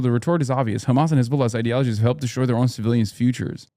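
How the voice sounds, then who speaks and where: A man's voice: medium pitch, fairly even intonation, rapid-fire, warm tone. A man hosting a live stream, reacting to clips with sarcastic, profane commentary. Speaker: streamer host.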